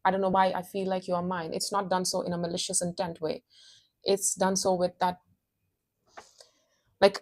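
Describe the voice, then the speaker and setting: A woman's voice: lowish voice, little pitch movement, normal speed. A woman giving a casual tarot reading, intense and emphatic, repeating her phrases and calling the listener honey. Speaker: tarot reader.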